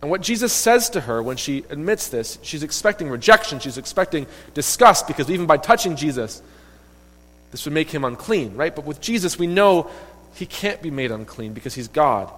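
Man, pastor, sermon storytelling, emphatic, slightly high voice, echoing hall. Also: sing-song, normal speed, fairly bright tone. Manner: storytelling, voicing quoted characters, emphatic swells. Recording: long reverb of a hall.

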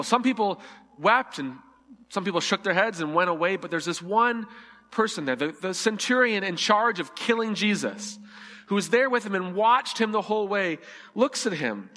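Bright-voiced man preaching a sermon. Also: sits high, expressive, normal speed, in a large hall. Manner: earnest, acting out scripture dialogue with shifting emphasis. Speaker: pastor.

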